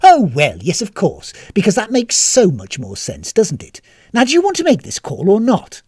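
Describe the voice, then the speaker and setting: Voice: mid-range voice, huge pitch swings, normal speed, a little mellow, breathy edge, no room sound, studio quality, pitched above the performer's own voice, heavily acted. A storyteller voicing a prim, earnest female turtle princess who coaxes and scolds. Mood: sarcastic. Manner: coaxing, scolding, sarcastic.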